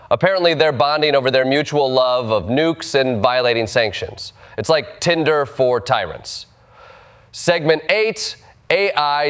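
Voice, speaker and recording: A man's voice: on the high side, a bit bright, clear, resonant tone. A man hosting a scripted satirical news segment, delivering punchlines in a dry, sarcastic way. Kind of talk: scripted comedic news narration.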